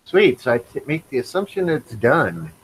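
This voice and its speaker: A man at mid pitch hosts a laid-back livestream and reads viewer chat aloud between remarks. His delivery is relaxed and conversational. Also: normal speed, slight background noise, rough recording. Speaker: livestream co-host reading chat.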